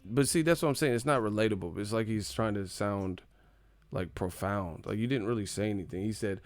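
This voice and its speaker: A man's voice: on the low side, brisk, no room sound. A man hosting a casual live stream, ranting in a joking, profane, mocking way.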